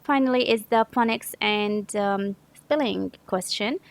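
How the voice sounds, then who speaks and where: Speaking a little slowly in a creaky, medium-pitched voice, a woman teacher from Saudi Arabia guides listeners through English grammar. She is patient and methodical, often stopping to correct herself, and the audio quality is poor.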